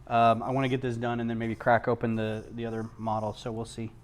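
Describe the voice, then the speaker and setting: A man hosting a casual livestream from home, rambling onto tangents, losing his thread and filling pauses with ums. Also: medium pitch, completely flat delivery. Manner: frequent ums and restarts. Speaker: livestream host. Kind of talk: casual chat while building.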